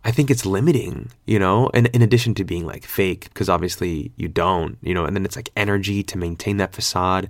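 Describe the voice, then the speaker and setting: Low gravelly young man rambling casually. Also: fairly quick, few pauses, no room sound, clean studio sound. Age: 20s. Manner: laid-back, slangy and profane, rambling with fillers. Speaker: vlogger. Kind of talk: casual vlog monologue.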